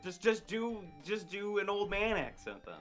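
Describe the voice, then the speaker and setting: A man co-streaming a game, teasing his partner in an excitable casual chat. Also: high voice, normal speed, soft background music.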